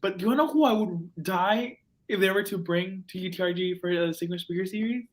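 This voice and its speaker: Excitable young student host. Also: male voice, high voice, a little fast. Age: young adult. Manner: excitable, gushing storyteller. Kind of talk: casual chat.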